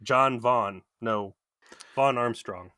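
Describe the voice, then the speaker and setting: A man's voice: mid-range voice, slow, sharp tone, no room sound, clean studio sound. A young man co-hosting a podcast, recapping an episode in wry, casual chat and swearing freely. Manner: wry, swears freely, acts out quoted lines. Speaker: podcast co-host.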